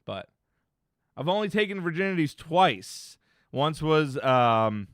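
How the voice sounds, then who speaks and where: A man's voice: on the high side, sing-song, slow pace, a bit bright, dry recording. A man in his thirties chatting casually on a live stream, rambling and laid-back, often laughing and trailing off into mumbles.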